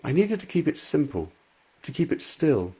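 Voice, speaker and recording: A man reading his romance novel aloud at home, voicing a soft, measured young man who turns playfully forceful. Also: a little high, big pitch swings, slightly rough, voice pushed up, exaggerated voice. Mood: hesitant. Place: home front room.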